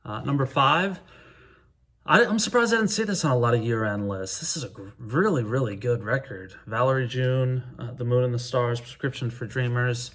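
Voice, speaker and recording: A middle-aged man with a medium-pitched voice, chatting to camera about music he loves. He is relaxed and enthusiastic, and often pauses to hesitate as he speaks. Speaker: music vlogger. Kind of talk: casual talk to camera counting down favorite records.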